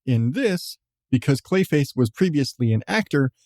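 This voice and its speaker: With a darkish, medium-pitched voice, a podcast host chats animatedly at a normal pace, rambling, cursing often, and chuckling as he goes. The studio sound is clean, with no room sound at all.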